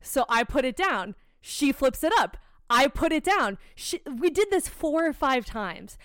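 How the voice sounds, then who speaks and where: A woman's voice: high-pitched, a little slow, no room sound, studio quality. A young woman telling an annoyed story in casual chat, swearing freely. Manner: swears a lot, animated storytelling.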